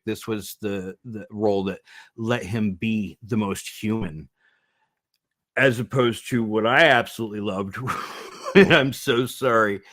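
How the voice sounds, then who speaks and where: A man's voice: lowish voice, a bit bright. A man co-hosting a casual podcast chat, laughing often and retelling movie scenes. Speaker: co-host.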